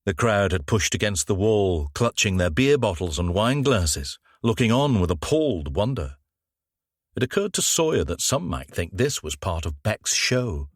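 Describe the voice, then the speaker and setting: An audiobook narrator with a low voice reads a crime novel in scripted narration at a measured, even pace. He is close to the microphone, and the recording is very dry, with no echo and no room sound.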